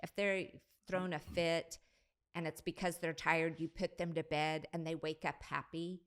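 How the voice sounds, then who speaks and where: An older woman hosting a parenting podcast, giving measured, thoughtful advice in a casual discussion. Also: deep voice, flat delivery, clear, resonant tone. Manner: measured, thoughtful, drops softer when quoting parent-child talk.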